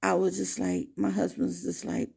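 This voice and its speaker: Gravelly-voiced woman telling a story. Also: on the low side, normal speed. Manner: emphatic, animated retelling. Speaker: vlogger. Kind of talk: casual storytelling to camera.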